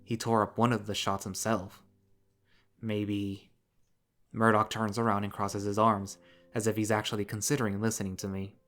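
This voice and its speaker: Man, visual novel read-aloud, measured subdued narration, low voice. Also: flat delivery, a bit bright, soft background music. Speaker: reader.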